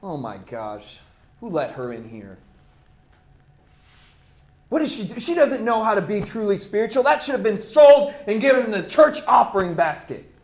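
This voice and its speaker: A man's voice: high-pitched, very animated, normal speed, pauses often, voice pushed up. A man voicing scornful, gossiping churchgoers who mock an outsider, in a roomy echo. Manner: scornful, mocking.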